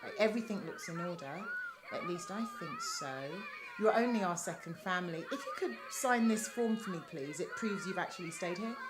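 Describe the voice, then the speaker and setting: Teary, apologetic hotel manager played by an actress; very animated pitch. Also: female voice, brisk, noisy background. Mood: bright, busy. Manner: laughs often, teary, apologetic. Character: emotional hopeful hotel manager woman, apologetic. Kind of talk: TV drama acting.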